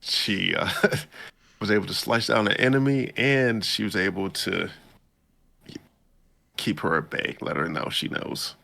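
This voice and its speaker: A man hosting a podcast, casually recapping an anime episode in a laid-back, slangy way and jumping up in pitch to quote the characters. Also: measured pace, vocal fry, long pauses, sharp tone. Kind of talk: casual chat.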